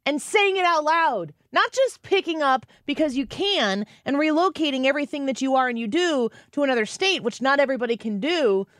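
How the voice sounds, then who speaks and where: A woman hosting a talk show, reading news stories aloud and giving animated, opinionated commentary. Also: sits high, a little fast, hardly any pauses, no room sound, clean studio sound. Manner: animated, reads news aloud and acts out quotes. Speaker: radio show host.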